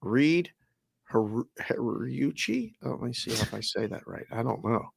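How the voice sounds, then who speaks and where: A man's voice: mid-range voice, a little fast, vocal fry, breathy edge, dry recording. A man co-hosting a sports betting show, a former bookmaker, talking in a rambling way with stammered restarts. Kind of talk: casual sports debate.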